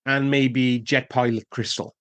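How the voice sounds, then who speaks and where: A man's voice: mid-range voice, flat delivery, a little slow, fairly bright tone. A man co-hosting a casual film podcast, rambling as he searches for names and details. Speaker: podcast co-host.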